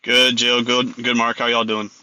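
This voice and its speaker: A man in his thirties calling in to a radio show, polite and halting. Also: mid-range voice, completely flat delivery, pushed and bright, smooth, no echo, rough recording. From Texas. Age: 30s. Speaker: caller. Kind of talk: phone call to a radio show.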